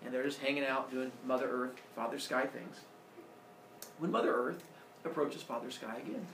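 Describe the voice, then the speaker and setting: A man telling a myth aloud to a group, animated and quizzing his listeners as he goes. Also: mid-range voice, moderate pace, vocal fry. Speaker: storyteller. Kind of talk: lively oral storytelling to a listening group. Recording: roomy, distant mic, faint noise.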